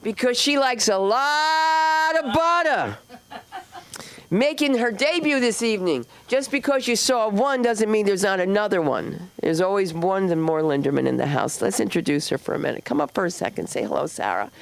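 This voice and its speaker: Woman, open-mic emcee; bright, bouncy pitch, jokey intros, clear background noise. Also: lively intonation, normal speed. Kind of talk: introducing the next comic. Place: comedy club stage. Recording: noisy live club recording.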